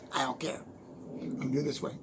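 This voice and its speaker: A man talking casually into the camera from his desk at home, giving unscripted motivational advice, chatty and quick to laugh. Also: medium pitch, background noise. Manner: chatty, laughs often, repeats "okay?". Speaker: motivational speaker.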